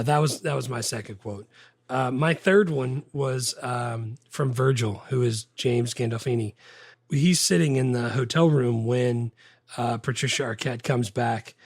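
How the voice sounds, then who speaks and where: A man co-hosting a casual movie podcast, rambling and getting animated when he quotes lines. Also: medium pitch, creaky, dry recording, studio quality. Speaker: podcast co-host.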